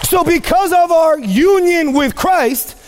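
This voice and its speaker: A man with a strikingly high voice delivers a sermon to his congregation. He preaches with mounting fervor, hammering repeated phrases and climbing to shouts. A long reverb from the large church hall trails his words. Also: animated, slow pace, crowd noise, background noise. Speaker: pastor.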